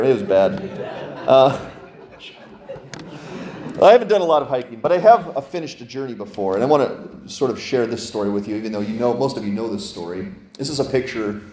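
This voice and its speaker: A man, a lead pastor, preaching a lively, conversational sermon full of rhetorical questions. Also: fairly low pitch, roomy sound. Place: church sanctuary.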